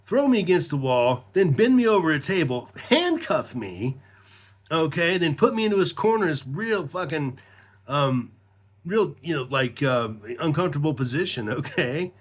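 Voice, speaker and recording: A man's voice: on the high side, big pitch swings, unhurried, pauses often. Profane middle-aged man telling a story. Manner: profane, rambling, laughs mid-story. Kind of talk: casual storytelling.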